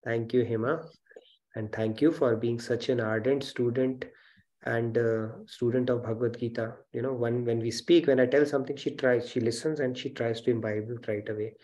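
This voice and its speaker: A man leads an online spiritual class over a video call. His voice is mellow and dark, and he reassures his students in a steady, mid-pitched tone. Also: normal speed. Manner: warm, encouraging, reassuring. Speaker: spiritual teacher and session host. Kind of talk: casual online class talk.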